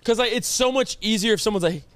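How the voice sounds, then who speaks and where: A man's voice: sits high, quick pace, fairly bright tone, no echo. A man co-hosting a podcast in casual chat, teasing and roasting his friend with dramatic exclamations. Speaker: podcast co-host.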